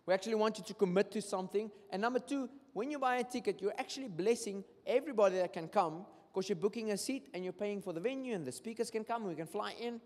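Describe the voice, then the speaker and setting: A South African-accented preacher delivers a sermon in a church hall, where the recording has long hall reverb. Speaking fast in a high voice with few pauses, he moves between English and Afrikaans and animates his stories by acting out people's words.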